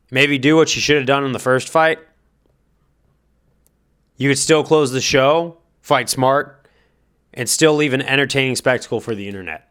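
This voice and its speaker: Man, fight commentary vlog, smooth resonant voice, medium pitch, speculative, hedging, thinking aloud. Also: a bit bright. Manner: addresses fighter directly with advice. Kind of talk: casual spoken commentary.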